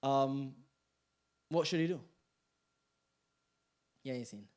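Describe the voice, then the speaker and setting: This young man teaching at a community center speaks slowly, with a smooth, darkish tone at medium pitch. His interactive class talk is casual and playful, mixing jokes with questions for the room.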